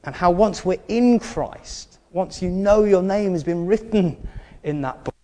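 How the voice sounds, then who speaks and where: A man's voice: high voice, measured pace, warm tone, in a large hall. A male preacher giving a sermon in an earnest way, stressing his key points and adding wry asides.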